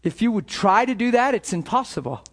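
Speaking briskly in a high voice, this pastor gives a lively, conversational sermon, dropping to a hushed tone to act out imagined thoughts and laughing between points.

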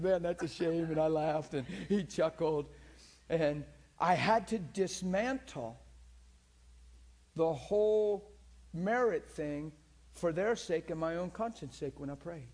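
A man preaching a sermon, telling healing stories in a lively, teasing way and laughing often, moving from quiet asides to loud peaks. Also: high voice, takes it slowly. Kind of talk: sermon storytelling about healings.

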